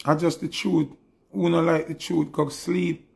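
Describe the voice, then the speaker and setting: A man's voice: fairly high pitch, little pitch movement, unhurried, gravelly, breathy edge. A man with a Jamaican accent delivering a heated, preachy monologue straight to his viewers, his anger rising as he goes. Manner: preachy, rising to angry shouting. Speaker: video commentator.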